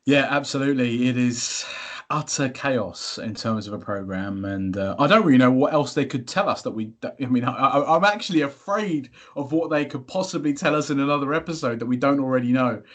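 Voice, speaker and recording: A man hosts a podcast in relaxed conversation, thinking aloud. He repeats words as he gathers his thoughts and keeps turning questions back to his co-host. His voice sits at an ordinary middle pitch. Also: brisk. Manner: musing, repeats himself, asks questions. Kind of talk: casual chat.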